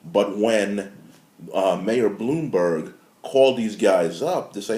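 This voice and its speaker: A man giving a casual, animated commentary as a marketing consultant, building to emphatic outrage. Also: fairly low pitch, measured pace, reverberant. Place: his apartment.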